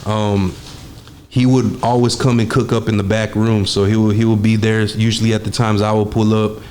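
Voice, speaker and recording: Laid-back man, low flat voice. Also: moderate pace, slight background noise. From Texas. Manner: laid-back, streetwise, swears freely, many fillers. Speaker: guest, studio engineer. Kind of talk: casual storytelling interview.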